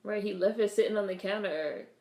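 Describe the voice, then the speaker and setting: A young woman vlogger reacts to a film as she watches, speaking a little fast in a mid-range, slightly mellow voice. She chats with wry asides and talks back to the screen, and the room gives a noticeable echo.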